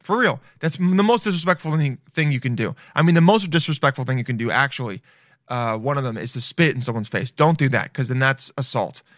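A man talking straight to viewers in a casual, profane monologue, loud and animated, swearing freely. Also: mid-range voice, fairly quick, no echo, clean studio sound. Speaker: vlogger.

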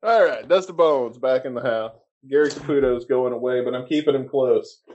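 A man co-hosting a podcast, chatting casually with a low-key, dry joking manner. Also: moderate pace, darkish tone, muffled recording. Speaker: podcast co-host.

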